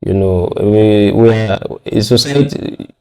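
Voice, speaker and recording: A man's voice: on the low side, slow, dark tone, clear, resonant tone. A man with a Nigerian accent, a guest on a radio talk show, arguing his views firmly and repeating words when pressed.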